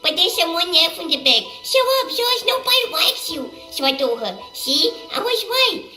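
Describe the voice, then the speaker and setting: A man's voice: very high-pitched, big pitch swings, normal speed, bright, forceful tone, roomy sound, faint music behind, full character voice. A man voicing a whiny, weedy little boy with a pleading, childish way of talking. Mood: storytelling.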